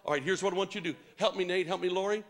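High-voiced man teasing his congregation. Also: racing. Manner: teasing, coaxing the crowd with playful jokes. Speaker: preacher leading a congregation. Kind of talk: lively interactive church talk.

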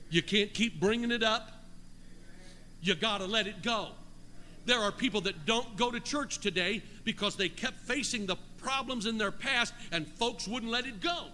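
A man preaching a Pentecostal-style sermon, reading scripture, shouting out and calling for responses from his congregation. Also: sits high, normal speed. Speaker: pastor. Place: church sanctuary. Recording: long hall reverb, faint noise.

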